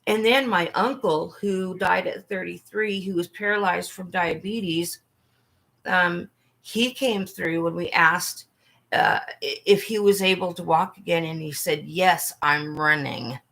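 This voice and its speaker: A woman hosting a casual livestream chat, talking earnestly and haltingly with frequent restarts. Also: on the low side, vocal fry, a bit bright. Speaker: livestream host.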